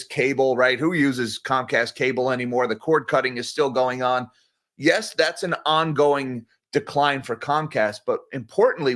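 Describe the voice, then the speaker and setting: A man's voice: on the high side, a bit bright. A man hosting a morning market livestream, talking casually and directly to his viewers. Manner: conversational, direct, addresses viewers as guys. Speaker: market news livestream host.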